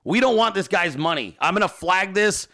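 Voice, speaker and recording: A man's voice: sits high, animated, moderate pace, sharp tone. Profane, ranting male livestream host. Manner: reads viewer emails and chat aloud. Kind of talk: casual livestream chat.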